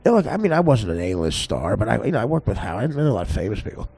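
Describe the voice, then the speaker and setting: A man's voice: fairly low pitch, sing-song, racing, creaky, a little mellow, husky. A podcast host telling a comic story in a rambling way, often laughing at his own tale.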